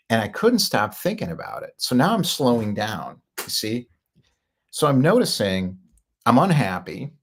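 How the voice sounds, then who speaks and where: A man's voice: mid-range voice, sing-song, moderate pace. A middle-aged man telling a personal story in a chatty, casual way, laughing often and acting out quoted lines. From Chicago area, United States. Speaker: podcast host.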